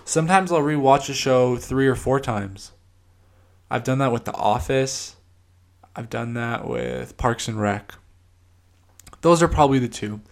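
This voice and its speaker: A man's voice: medium pitch, gravelly. A young man hosting a podcast alone, talking casually and rambling with lots of fillers. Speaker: podcast host. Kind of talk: casual solo monologue.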